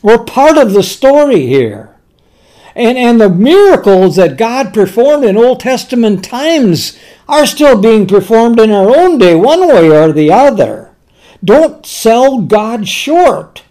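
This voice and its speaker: Male preacher, unhurried Bible teaching, leans on key words. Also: very high-pitched, sing-song, dark tone. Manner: slow, deliberate Bible teaching with emphatic pauses. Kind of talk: sermon.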